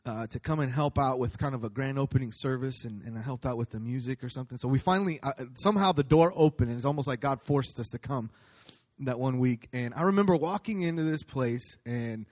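A man's voice: mid-range voice, brisk, a little mellow. A man speaking at a church, giving a casual sermon in a conversational, storytelling way with many ums and restarts.

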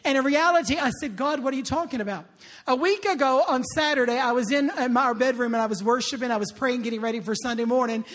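A man preaching a sermon, lively and conversational, tossing in call-and-response asides to the congregation. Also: extremely high pitch, fast talker, hardly any pauses. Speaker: pastor.

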